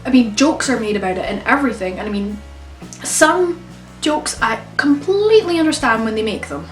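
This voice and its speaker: A woman's voice: a little high, animated, moderate pace, faint music behind. A young woman with a cold, talking casually in an exasperated, questioning vlog monologue. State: has a cold. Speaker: vlogger. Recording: roomy, from a distance.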